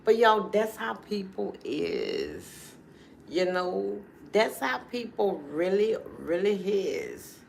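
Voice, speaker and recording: A woman, hosting a casual livestream and talking straight to her viewers in a chatty, animated way. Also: mid-range voice, slow, gravelly, slight background noise. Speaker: livestream host.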